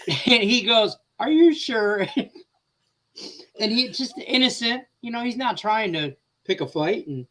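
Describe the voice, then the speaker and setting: A man's voice: high-pitched, lively intonation, a little slow, pauses often, bright, forceful tone. A man in his thirties co-hosting a casual show, telling a family story in a rambling way with fillers, laughs and swearing. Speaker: co-host.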